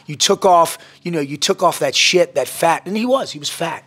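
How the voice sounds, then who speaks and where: A man as a podcast guest, talking in a brash, profane, boastful motivational style that gets louder when he is worked up. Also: fairly high pitch, expressive, moderate pace, hardly any pauses, husky. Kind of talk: casual podcast chat.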